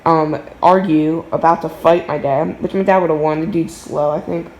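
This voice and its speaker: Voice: mid-range voice, fairly even intonation, moderate pace, a little mellow, reverberant, rough recording. A teenager telling a casual storytime vlog from a home basement, rambling with lots of fillers and restarts.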